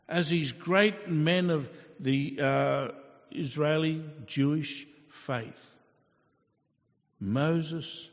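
A male preacher delivers a sermon slowly and earnestly, in a fairly high voice, and asks his listeners rhetorical questions. The sound is dull and lo-fi, with the long echo of a hall.

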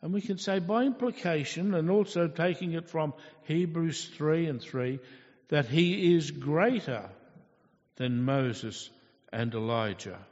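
Man preaching a sermon, slow and earnest, higher-ish voice, echoey dull hall recording. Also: a little mellow. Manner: earnest, storytelling, with rhetorical questions.

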